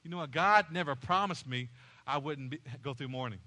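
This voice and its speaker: A man's voice: a little high, fairly quick, pushed and bright. A male pastor preaching a sermon, repeating key phrases and rising in passion as he goes.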